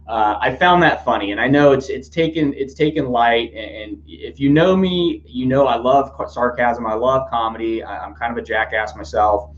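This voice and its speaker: A podcast host with a medium-pitched voice rambles through casual news commentary, talking a little fast with many fillers and restarts. The sound is dull and lo-fi, with a faint hum.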